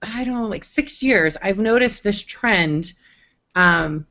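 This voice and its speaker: A woman moderating a convention panel in a relaxed, hesitant way. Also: medium pitch, slow pace, muffled recording, a crowd in the background. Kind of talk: casual panel chat.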